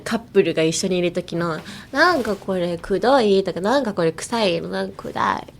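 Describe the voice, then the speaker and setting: A woman's voice: medium pitch, animated, racing, slight background noise. Woman, young, English teacher, playful, giggly, repetitive drilling. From United States. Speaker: podcast host, English teacher. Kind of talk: casual bilingual language lesson.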